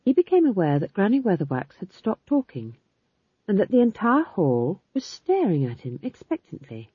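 Husky woman narrating an audiobook. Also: mid-range voice, wildly swooping pitch, normal speed, no room sound. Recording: slightly dull lo-fi recording.

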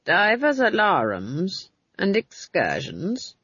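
A woman reading an audiobook, voicing a stern, dry-tongued old witch in a low voice. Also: animated, moderate pace, husky, no echo, highs cut off.

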